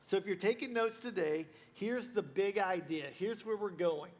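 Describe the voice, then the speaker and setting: A man's voice: high-pitched, moderate pace. A male pastor preaching a sermon in a casual, joking way, full of fillers and restarts.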